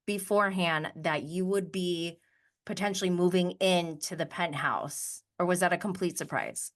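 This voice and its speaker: A woman's voice: on the low side, steady tone, moderate pace. A young woman hosting a podcast, asking eager, chatty questions and joking about herself. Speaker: podcast host. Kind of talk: casual interview chat.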